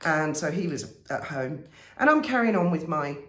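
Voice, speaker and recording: A woman vlogger telling stories to camera in a casual way, animated and wry, often exasperated. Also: low-pitched, moderate pace, roomy sound. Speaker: vlogger and commentator.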